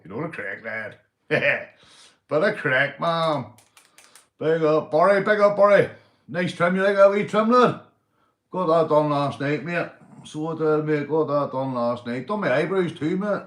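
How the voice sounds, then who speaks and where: A Northern Irish man chats on his livestream in a middle-pitched voice, swearing freely and throwing loud shout-outs to viewers. His voice bounces around an echoey room. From Northern Ireland. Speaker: livestream host. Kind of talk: casual livestream chat. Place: indoors at home, drinking.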